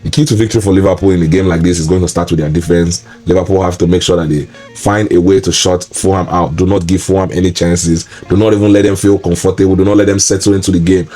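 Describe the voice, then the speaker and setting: A man's voice: low voice, dark tone. A man hosting a solo football preview, ranting in an exasperated, repetitive way. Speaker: football pundit and show host. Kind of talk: solo match preview commentary.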